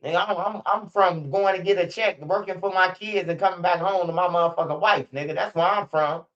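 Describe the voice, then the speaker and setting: Male streamer, high voice, profane and animated commentary, lo-fi sound. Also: a little fast. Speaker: streamer commenting on street news. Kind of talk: casual live-stream commentary. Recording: dull lo-fi stream audio.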